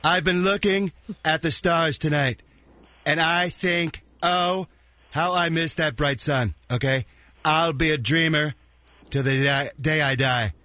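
A man's voice: fairly high pitch, measured pace, pushed and bright, no echo. A man doing a blustering politician impression. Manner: boastful, repeats complaints. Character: impression of a brash older male politician. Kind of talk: comedy radio bit.

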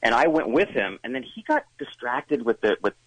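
A man's voice: medium pitch, sing-song, fairly quick, fairly bright tone, husky, dry recording, poor audio. A man being interviewed as a guest, talking in a rambling, self-deprecating way with many restarts. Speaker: guest, actor and musician. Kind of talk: casual interview chat.

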